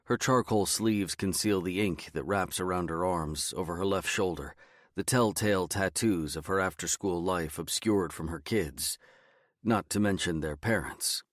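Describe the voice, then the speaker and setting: Low-voiced male audiobook narrator. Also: no echo, clean studio sound. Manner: measured, even storytelling. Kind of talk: scripted first-person narration.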